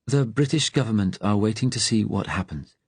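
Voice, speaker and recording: A man's voice: on the low side, animated, a little fast, breathy edge, no room sound, pitched above the performer's own voice. A man voicing Natalia, a hard, cold, composed woman resistance agent who speaks in a cool, clipped way, in a storybook audiobook.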